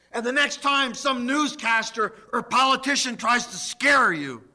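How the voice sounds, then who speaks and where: High-voiced, slow, emphatic male preacher. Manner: emphatic, slow preaching with dramatic swings in loudness. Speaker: pastor. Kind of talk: sermon.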